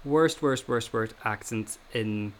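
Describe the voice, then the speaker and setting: A man's voice: medium pitch, slow, slight background noise. A man hosting a casual analytical chat, hesitant, with many fillers and restarts. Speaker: podcast host.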